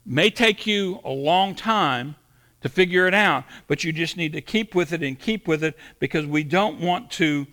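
A middle-aged man delivering a sermon in a high, ringing voice. His tone is bright and forward. He tells homespun stories and acts out the lines of the people in them. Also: normal speed. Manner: storytelling with acted-out quotes, folksy. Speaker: pastor.

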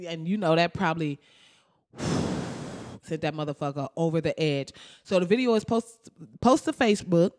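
A woman's voice: low-pitched, normal speed, long pauses. A woman hosting a podcast, telling stories in casual, heavily profane commentary. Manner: profane, animated storytelling. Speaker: podcast host.

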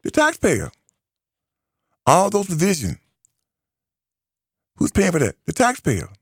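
Gravelly-voiced male radio talk host. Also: high voice, wildly swooping pitch, slow, no echo, studio quality. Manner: emphatic, repeats key phrases. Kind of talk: opinionated radio commentary.

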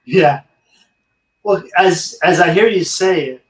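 A man being interviewed casually tells his own story with earnest candor, speaking to listeners as if they were friends. His voice is a little high, his pace slow with frequent pauses, and the room sounds echoey.

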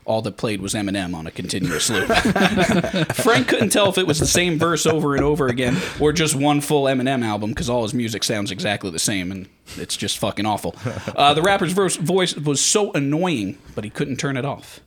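A podcast host narrates a crude comedy skit, with a lively voice that rises and dips across each line. He swears freely and laughs into his own jokes. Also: medium pitch, moderate pace. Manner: joking, swearing, laughing into lines.

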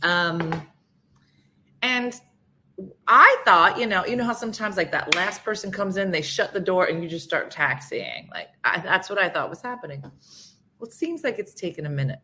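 A woman with a bright, forceful voice spins a funny story as a talk-show guest. She talks casually and jumps into the voices of the people she quotes, keeping it lively. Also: on the low side, normal speed, slight background noise. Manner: animated, acts out quoted people.

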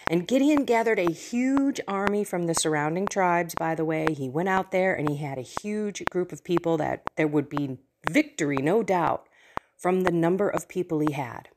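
A woman's voice: on the low side, moderate pace, background noise. A woman hosting a podcast, retelling a Bible story in a conversational way with playful asides. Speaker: podcast host. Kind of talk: casual Bible teaching.

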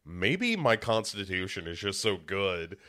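A man's voice: sits low, very animated, measured pace, sharp tone. A slightly congested young man chatting casually as a podcast co-host, rambling and joking at his own expense. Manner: rambling, self-mocking, with many restarts. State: a little congested. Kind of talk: casual chat.

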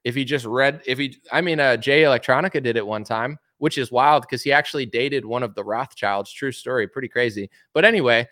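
A man's voice: medium pitch, fairly quick, hardly any pauses, sharp tone, no echo, clean studio sound. A man hosting a casual opinion commentary, talking bluntly and asking one rhetorical question after another. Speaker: commentary show host.

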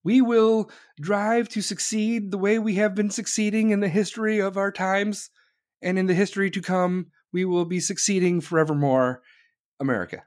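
A man's voice: high-pitched, steady tone, no echo, studio quality, natural voice. A man mocking a rambling, grandiose woman politician. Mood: mock-solemn. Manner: slow, drawn-out, empty pompous phrasing.

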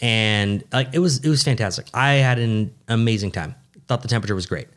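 A young man, a podcast co-host, telling a rambling, animated story in casual chat, swearing freely and restarting his sentences. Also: on the low side, fairly quick.

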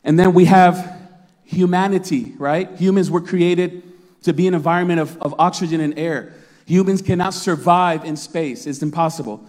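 A man in his thirties preaching a sermon, telling a story with lots of laughter and acted-out shouts. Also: on the high side, moderate pace, long reverb tail. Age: 30s. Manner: animated storytelling, laughing often, acting out his own shouts. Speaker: pastor.

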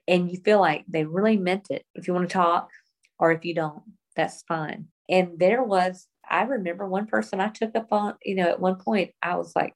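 A woman's voice: fairly low pitch, normal speed. A woman guest on a faith-based podcast, speaking in a heartfelt, encouraging way about her own experience.

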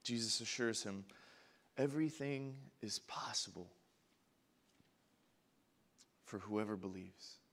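A young man preaching a sermon to a congregation, passionate, going from quiet and low to loud and high when he acts out prayers. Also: a little slow. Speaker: pastor. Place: church before a congregation.

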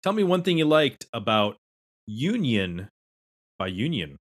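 A man co-hosting a music podcast, chatting casually and reading listener comments aloud in a lively way. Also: mid-range voice, a little slow, husky. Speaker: podcast co-host.

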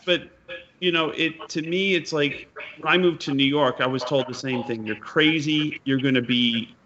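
A man's voice: fairly high pitch, steady tone, normal speed. A man interviewing a fellow musician in a chatty way, using musician slang. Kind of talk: casual conversational interview. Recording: dull lo-fi sound with faint noise.

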